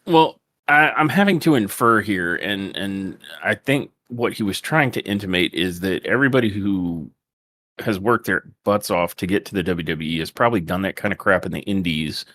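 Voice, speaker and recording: A man's voice: low-pitched, moderate pace, a bit bright, no echo. A man co-hosting a wrestling podcast, retelling the show in a laid-back, wry way. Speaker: podcast co-host. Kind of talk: casual podcast recap.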